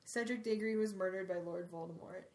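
A gentle, solemn old headmaster addressing a hall of students, his words slow and hushed. A woman reads him aloud from a book in her own mid-range voice. The delivery stays measured and grave throughout. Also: mid-range voice, steady tone, a little hiss or hum, voice pushed down, close to an everyday voice. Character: wise elderly male headmaster, solemn and gentle. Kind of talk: reading a book passage aloud.

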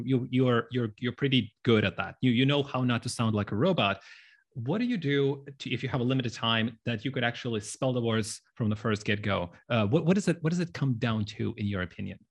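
Male interview host, mid-pitched, stumbles over sentence openings. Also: a little fast. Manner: repeats words when starting sentences. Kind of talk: interview questions.

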